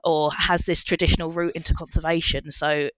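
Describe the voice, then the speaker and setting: A guest with a broad Essex accent, talking earnestly in a casual interview and laughing readily. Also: female voice, sits low, little pitch movement, fairly quick, fairly bright tone, dull audio. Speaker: guest, marine biologist.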